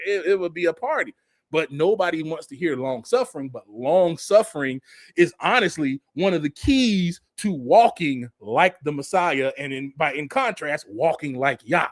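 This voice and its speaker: A man giving a casual, animated sermon in everyday vernacular, reading scripture aloud between comments. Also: a little high, no echo, clean studio sound. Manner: casual, animated preaching with Southern Black vernacular and laughs. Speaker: preacher.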